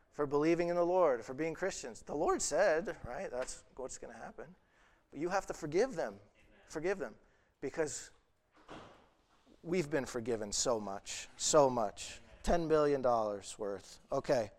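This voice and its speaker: A young man preaching a sermon earnestly, retelling a parable and acting out the pleading voices of its characters. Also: on the high side.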